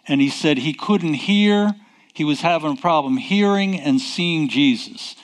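A man preaching a sermon, emphatic and deliberate, posing rhetorical questions and answering them himself. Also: on the high side, lively intonation.

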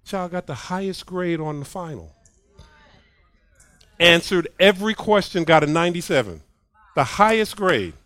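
High-voiced, emphatic man preaching. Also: dry recording. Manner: emphatic, punches points with "period" and repeats lines; lively swings from soft to loud. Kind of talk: sermon.

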